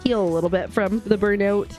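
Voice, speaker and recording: A woman's voice: mid-range voice, brisk, dark tone, faint music behind. Bubbly young woman chatting on stream. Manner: bubbly, rambling, reads and answers chat. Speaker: livestream host. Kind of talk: casual chat with live chat while crafting. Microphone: desk streaming mic.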